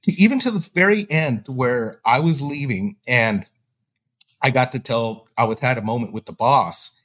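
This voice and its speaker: A man's voice: medium pitch, moderate pace. A man telling a story in casual talk, acting out the voices of the people he quotes. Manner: animated, acts out quoted dialogue. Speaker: podcast guest.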